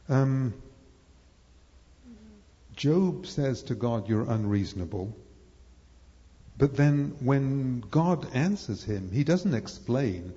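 A man's voice: mid-range voice, dark tone. A man giving a live lecture to an audience, rambling and hesitant, with many fillers and restarts. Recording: echoey hall, dull lo-fi sound.

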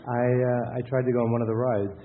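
A man's voice: medium pitch, steady tone, fast talker. A man giving a lecture with anecdotes in a rambling, conversational way, often restarting his sentences. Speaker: workshop lecturer. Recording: tinny phone-like sound with faint hiss.

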